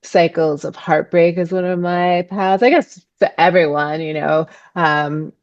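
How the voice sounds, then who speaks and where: A woman speaking as a podcast guest on ecopsychology, reflective and halting, with many ums as she searches for words. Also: on the low side, fairly even intonation, no room sound, dull audio. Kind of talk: reflective interview conversation.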